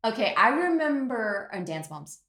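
A woman's voice: on the high side, very animated, moderate pace, fairly bright tone. A woman co-hosting a podcast, reacting in casual chat with playful teasing. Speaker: podcast co-host. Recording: roomy echo.

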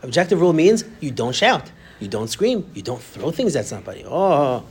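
A man teaches a class, speaking quickly and directly to his students. His voice is husky and sits a little high. It rises and falls a great deal as he talks. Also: big pitch swings. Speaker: Torah teacher. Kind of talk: classroom lecture.

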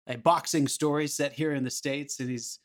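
A man's voice: on the high side, steady tone, normal speed. Enthusiastic man in casual podcast chat. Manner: enthusiastic, swears freely. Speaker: podcast co-host.

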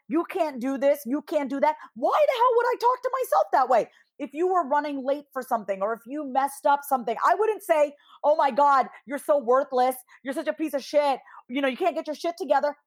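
A woman in her thirties, a therapist and podcast guest, telling stories in casual interview chat and acting out quoted lines with lively swings. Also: a little high. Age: 30s. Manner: animated storyteller who acts out quoted dialogue, swears casually.

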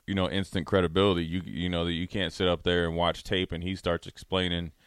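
A man hosting a casual sports talk show, talking at length in a relaxed way with many fillers and restarts. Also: deep voice, a little fast, clear, resonant tone, no echo, studio quality.

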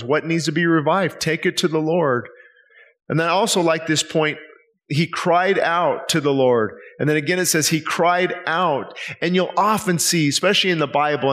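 Male pastor, slightly high voice, earnest and pleading sermon delivery, lots of rhetorical questions. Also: a little fast, fairly bright tone. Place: church service.

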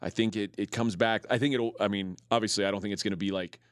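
A man's voice: lowish voice, steady tone, fast, clean tone, no echo, clean studio sound. A man co-hosting a sports talk show, often stumbling and repeating words as he thinks aloud. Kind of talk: casual sports chat.

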